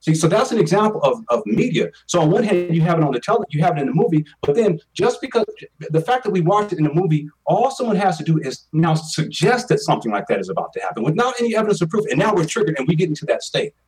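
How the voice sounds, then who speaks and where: A man's voice: a little high, sing-song, fast talker, a little mellow, husky, recorded from a distance, poor audio. A man in his forties telling a personal story as an interview guest, earnest and emphatic, often repeating his words. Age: 40s.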